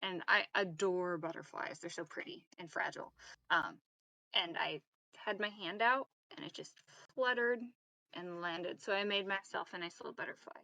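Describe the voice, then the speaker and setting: Casting note: woman tabletop player, bright tone, dry close sound. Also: lowish voice, normal speed, creaky, no room sound. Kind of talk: casual tabletop play.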